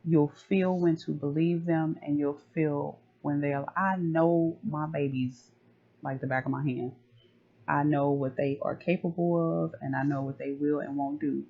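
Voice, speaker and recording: Relationship coach, male, gravelly and flat-toned; casual slang-heavy advice, dull lo-fi audio. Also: on the high side, a little slow. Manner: conversational, loose slang, acts out family talk.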